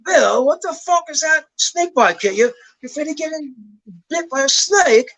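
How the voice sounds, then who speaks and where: A man puts on a gruff rock singer with a Birmingham accent, pitched well up from his own voice. The rocker swears freely and needles his bandmate in mock disbelief. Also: expressive, moderate pace, a bit bright, no echo, heavily acted. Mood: incredulous. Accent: Birmingham English. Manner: incredulous, profane ribbing.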